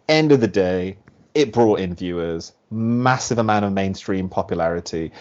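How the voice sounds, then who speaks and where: A man co-hosting a casual podcast chat, rambling and animated, full of fillers. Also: on the low side, dull audio. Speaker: podcast co-host.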